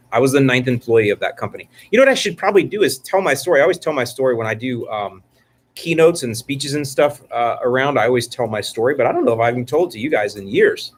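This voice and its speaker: A man's voice: mid-range voice, lively intonation, quick pace, a little hiss or hum. A middle-aged man hosting a casual live-stream chat about lawn care, joking and rambling with frequent restarts. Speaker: lawn care channel host.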